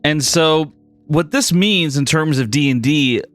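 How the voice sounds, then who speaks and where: A man running a tabletop game, narrating scenes in a steady, dramatic way. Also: on the high side, unhurried, soft background music. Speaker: game master.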